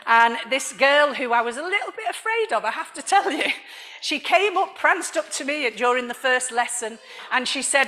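A middle-aged woman from Liverpool, giving an animated sermon with personal testimony and frequent laughs. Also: sits high, normal speed. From Liverpool, England. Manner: animated storytelling, laughs often. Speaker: church speaker.

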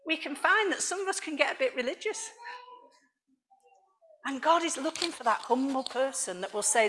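A middle-aged woman from Liverpool, giving an animated sermon with personal testimony and frequent laughs. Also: high voice, moderate pace, slight background noise. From Liverpool, England. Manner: animated storytelling, laughs often. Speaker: church speaker.

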